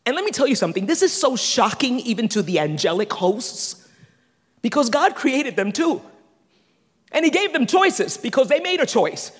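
A man preaching a sermon, animated, swinging between loud and hushed with quick asides. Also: very high voice, breathy edge. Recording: long reverb of a large hall.

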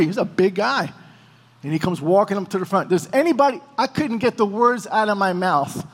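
A man with a notably high voice tells a sermon story with energy, acting out each exchange. His voice rings with a long reverberant tail, as in a large hall. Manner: animated storyteller, acting out dialogue. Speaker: preacher.

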